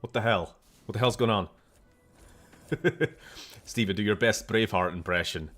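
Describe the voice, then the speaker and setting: A man's voice: on the low side, unhurried, fairly bright tone, faint music behind. A young Scottish man chatting casually and jokily while streaming a game, swearing now and then.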